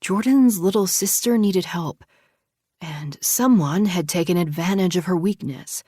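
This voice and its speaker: A woman narrating a suspense audiobook in a hushed, tense read. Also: fairly low pitch, measured pace, no room sound, studio quality. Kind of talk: scripted narration.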